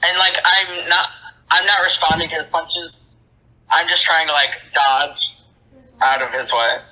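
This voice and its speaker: Guy playing dnd, high voice, slow and stumbling, very bright. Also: steady tone, rough recording. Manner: hesitant, stumbling. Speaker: player. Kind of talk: casual tabletop play.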